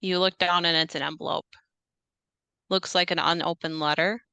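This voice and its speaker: A young woman narrating a tabletop horror game as game master, measured and unhurried, with frequent hesitant fillers. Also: fairly low pitch, steady tone, sharp tone, clean tone, no echo.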